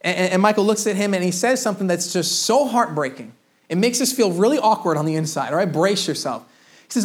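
A preacher delivering a sermon in a conversational way, speaking straight to the congregation, often repeating words and restarting phrases, and acting out quoted voices with shifts in pitch and loudness. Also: animated, quick pace. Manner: conversational, addresses the congregation directly; frequent word repetitions and restarts.

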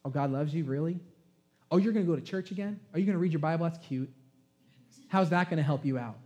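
A man's voice: a little high, fast talker, dark tone, lo-fi sound, natural voice. A man preaching a sermon, voicing a sly, taunting male serpent with mocking, needling questions.

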